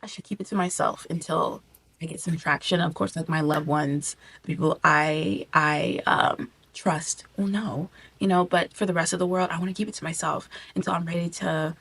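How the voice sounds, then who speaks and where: A woman's voice: on the low side, steady tone, moderate pace, a bit bright, husky. A young woman talking to camera in a personal vlog, gushing and repeating herself, close to tears at times. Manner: gushing, repetitive, tearful at times. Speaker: vlogger. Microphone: camera mic.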